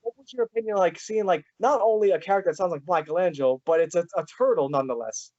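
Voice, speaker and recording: A man's voice: high-pitched, quick pace, a little mellow. A young man hosting an interview, eager and rambling with many fillers. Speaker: podcast host. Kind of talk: casual interview chat. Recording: dull lo-fi sound.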